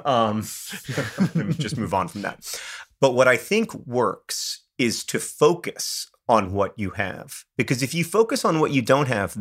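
Low-voiced man co-hosting a chat. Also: fairly bright tone. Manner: thoughtful, earnest, self-deprecating, with false starts. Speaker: podcast co-host. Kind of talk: casual chat.

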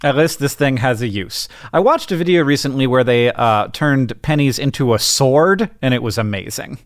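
A man's voice: medium pitch, expressive, moderate pace, no room sound, clean studio sound. A middle-aged man co-hosting a podcast, chatting casually in a playful way and laughing often. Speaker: podcast co-host. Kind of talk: casual chat.

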